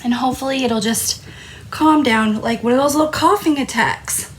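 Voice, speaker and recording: A woman's voice: high-pitched, normal speed. Chatty woman with a tickly cough. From Tucson, Arizona. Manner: apologetic, chatty. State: coughing, itchy throat. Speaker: crafting host. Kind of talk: live crafting stream chat.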